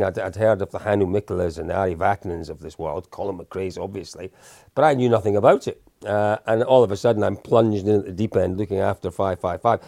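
A man in his fifties tells a story on a podcast in a low voice with a gravelly edge. He is chatty and pokes fun at himself as he goes. The sound is dry and close, with no room echo. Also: a little mellow. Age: 50s. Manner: chatty and self-deprecating, with frequent restarts. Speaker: podcast co-host. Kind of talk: anecdotal storytelling, casual chat.

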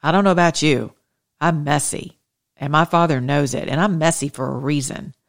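A woman minister preaching with fervent testimony, swinging between loud declarations and hushed asides. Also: low-pitched, fairly even intonation, moderate pace. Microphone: studio microphone.

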